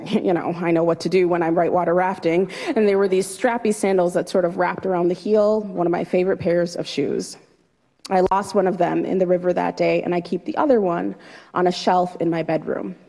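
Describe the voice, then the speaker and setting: A woman vividly telling a true personal story to an audience, dramatic and lively. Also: fairly low pitch, a little fast, long reverb tail. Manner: vivid, dramatic retelling with a light laugh.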